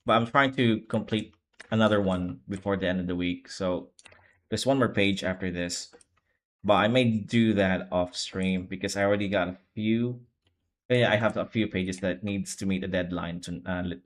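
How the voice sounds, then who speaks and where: A man's voice: fairly low pitch, steady tone, moderate pace. A sleepy young man streaming as he draws manga, chatting casually in a rambling, laid-back way that keeps correcting itself. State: sleepy, low energy. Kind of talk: casual live-stream chat while drawing.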